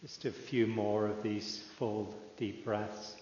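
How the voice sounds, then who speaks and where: Calm low-voiced man guiding meditation. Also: a little hiss or hum. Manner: slow, calm, with long pauses. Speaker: meditation teacher. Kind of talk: guided meditation. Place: meditation hall. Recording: echoey hall, dull lo-fi sound.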